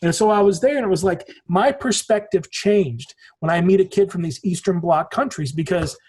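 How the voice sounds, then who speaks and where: A man's voice: high-pitched, normal speed, a little mellow, husky. A man in his forties, a podcast guest in casual conversation, telling rambling stories and swearing casually. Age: 40s.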